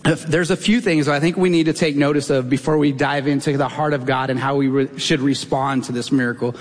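A man's voice: medium pitch, brisk. A man in his thirties preaching a sermon as a pastor, telling a personal story in a conversational, self-deprecating way. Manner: conversational, self-deprecating, animated when retelling. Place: church sanctuary. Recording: long reverb of a large hall.

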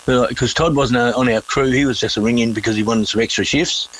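A man's voice: medium pitch, fairly even intonation, fast, a bit bright, poor audio. A man with an Australian accent, a former miner, telling his story in a laid-back, chatty way in an interview. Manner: laid-back, chatty, full of fillers and quoted dialogue.

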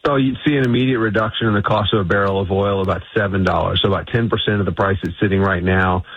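A man's voice: on the low side, steady tone, fast, husky, no echo. A man being interviewed on radio as an energy institute CEO, talking emphatically and assertively with frequent restarts. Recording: dull lo-fi radio line.

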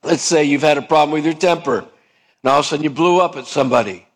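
A man's voice: a little high, fast. A man preaching a sermon in a conversational way, asking his listeners questions and acting out little dialogues. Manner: conversational, asks the congregation questions; acts out dialogue to illustrate points. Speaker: pastor.

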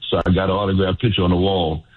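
Older man, animated storyteller, very low husky voice. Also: very fast. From Louisiana. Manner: animated storyteller, repeats phrases. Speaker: former pro football player, guest. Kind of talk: storytelling interview. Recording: phone-like radio line.

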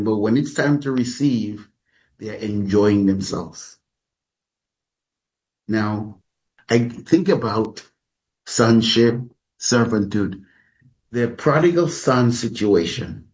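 A man preaching a sermon as a pastor, speaking deliberately and calling his listeners beloved. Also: on the low side, a little mellow.

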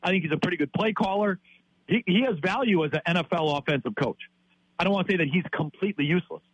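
A man's voice: high-pitched, quick pace, fairly bright tone, slightly rough, no echo, low-quality recording. Exasperated ranting man in his fifties. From Wisconsin, US. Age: 50s. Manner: ranting, exasperated, repeats himself. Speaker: sports talk guest. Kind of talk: heated sports talk.

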